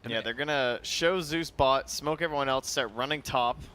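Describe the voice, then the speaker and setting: A man's voice: mid-range voice, moderate pace, bright, forceful tone, smooth. A man giving analytical esports commentary, thinking aloud about drafts and items.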